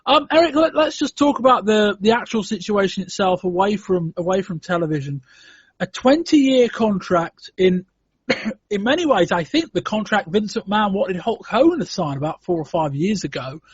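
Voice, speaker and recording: High-voiced husky man hosting a podcast. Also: very animated, normal speed, dry recording. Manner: thoughtful, hedging with frequent "um" and restarts. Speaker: podcast host. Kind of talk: casual podcast discussion. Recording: dull lo-fi podcast audio.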